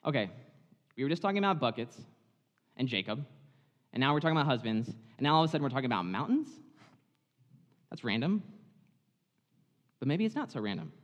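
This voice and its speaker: A male preacher with a mid-range voice who retells scripture in a casual, lively way, playing up its tension. His voice carries a long reverb, as if spoken in a large hall. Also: mid-range voice, fairly quick, pauses often, highs cut off. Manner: animated, chatty, dramatizing the story. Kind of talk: sermon, conversational Bible storytelling.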